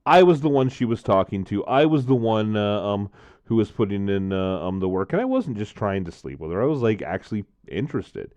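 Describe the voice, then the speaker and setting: Male vlogger, low voice, casual and rambling, dry close sound. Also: animated, a little fast, darkish tone, no room sound. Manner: rambling, many "uh, um" fillers. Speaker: vlogger reviewing drinks. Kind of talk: casual drink review and storytelling.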